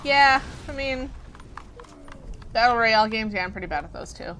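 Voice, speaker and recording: A woman's voice: fairly high pitch, animated, moderate pace, a bit bright, slight background noise. A woman hosting a gameplay stream, playful and chatty while she plays and reads the chat. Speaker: stream host.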